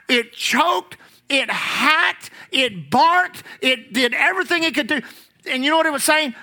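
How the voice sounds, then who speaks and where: A preacher with a bright, ringing tone and a voice that swings widely up and down. They read scripture and then break it down with rhetorical questions to the congregation. Key words get emphatic, drawn-out stress. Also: sits high, expressive. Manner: reads scripture aloud, then explains it. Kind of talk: sermon.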